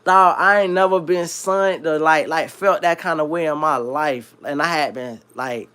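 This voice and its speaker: A man from South Florida hosts a livestream and tells a long story in loose, slang-heavy casual talk. His voice sits a bit higher than most men's, and he rambles in an animated way. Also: moderate pace, smooth. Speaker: livestream host.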